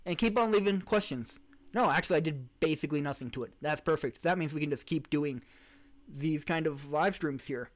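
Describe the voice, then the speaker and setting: This is a male streamer with a voice slightly above the usual pitch. He hosts a relaxed live Q&A, answering chat questions off the cuff. He rambles, restarts and corrects himself, and talks into a desk mic. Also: a little fast. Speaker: podcast host and live streamer.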